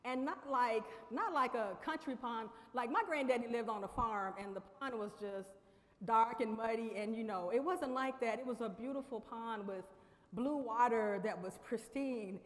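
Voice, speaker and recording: A woman telling a personal story as a convocation speaker, conversational and quick to laugh, turning to the audience often. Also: on the high side. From Lexington, Kentucky. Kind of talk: storytelling speech. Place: large chapel. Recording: long reverb of a chapel hall.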